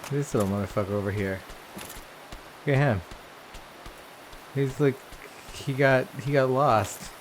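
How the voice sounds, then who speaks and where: Gamer guy, mid-pitched, loose and swearing, talks to the screen; faint background hiss. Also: measured pace. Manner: chatty, profane, talks to game characters. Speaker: let's play gamer. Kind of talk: casual gameplay commentary.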